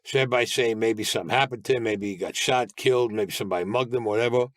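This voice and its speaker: A man's voice: medium pitch, rapid-fire, dry recording, studio quality. A man telling his own story as a podcast guest, in a blunt, streetwise way and mostly in the present tense. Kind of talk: storytelling interview.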